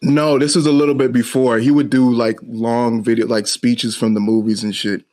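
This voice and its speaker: A man's voice: medium pitch, flat delivery, normal speed, a little mellow, faint music behind. A man appearing as a guest on a comedy podcast in casual chat, making dry, wry jokes.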